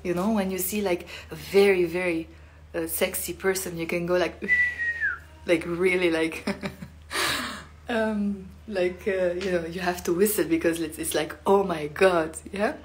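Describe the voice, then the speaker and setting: A woman's voice: lowish voice, unhurried, slight background noise. A woman giving a casual live-stream language lesson, chatty and full of fillers, acting out the sounds she teaches. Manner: chatty, filler-heavy, demonstrates sounds expressively.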